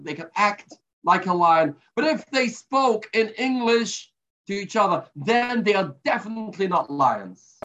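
A Torah teacher with a high-pitched, fairly bright voice gives a weekly religious lesson, telling a parable and sprinkling in Hebrew terms. The recording sounds dull and lo-fi.

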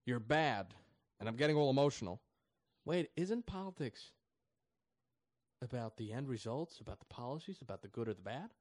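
A man from the United States delivers an animated political rant in a mid-range voice. He presses hard on his points, gets loud and then drops soft, and leaps up in pitch to mock others. The sound is dry and close, with little room around it. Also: a little fast, pauses often, no room sound. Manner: mocking voices with high squealing jumps; emphatic, swings loud and soft. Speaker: political commentator.

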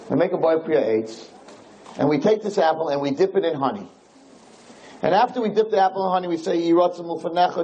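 High-voiced animated rabbi lecturing. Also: male voice, poor audio. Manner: animated, joking, rhetorical questions, swings high in pitch when acting out people. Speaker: rabbi teaching a Torah class. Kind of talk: live Torah lecture to a room.

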